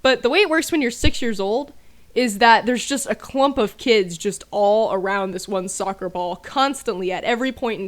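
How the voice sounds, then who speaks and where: A woman's voice: on the high side, fairly bright tone. A woman telling a casual story about her childhood with dry, self-mocking humor. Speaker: storyteller over gameplay.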